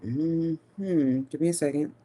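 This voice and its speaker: A woman giving a live tarot reading, musing slowly with long hums and pauses, and talking in a casual, profane way. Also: sits low, steady tone, dark tone. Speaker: tarot reader.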